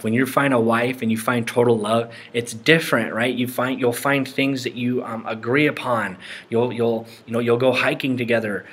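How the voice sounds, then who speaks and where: A man with a somewhat husky voice talks his way through film clips in loose Christian commentary. He rambles, repeats himself and slips into short impressions of the people he is describing. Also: mid-range voice, fairly bright tone. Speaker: Christian documentary presenter.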